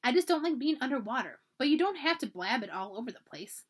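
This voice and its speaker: An embarrassed young girl in a children's storybook, cross and defensive, as a woman reads her lines aloud. Her voice sits a little high. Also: sing-song, quick pace, husky, full character voice.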